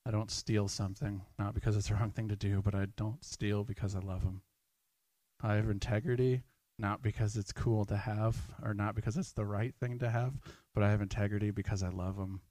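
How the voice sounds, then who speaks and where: Man, preacher, low voice, level delivery, earnest conversational sermon. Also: fairly even intonation, fairly quick, warm tone, dry recording. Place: church.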